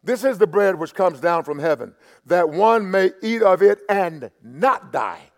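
A man's voice: sits high, lively intonation, a little slow. Preaching man in a reverberant church. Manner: conversational preaching, stammers and repeats, swings from loud emphasis to quiet asides. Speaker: pastor. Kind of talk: sermon. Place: church sanctuary. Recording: long hall reverb.

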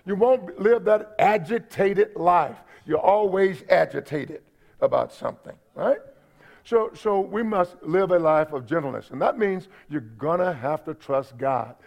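This pastor's voice sits high and sounds creaky and darkish, animated yet a little slow. His sermon is folksy and full of humor, with repeated points and remarks aimed at the congregation, recorded dully in lo-fi at church.

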